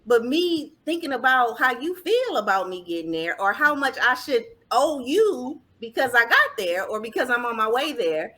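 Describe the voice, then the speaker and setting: A woman's voice: fairly high pitch, sing-song, moderate pace, hardly any pauses, sharp tone. A woman in a casual podcast discussion, thinking aloud and checking in with her listeners as she goes. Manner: reflective, checks in with "right?".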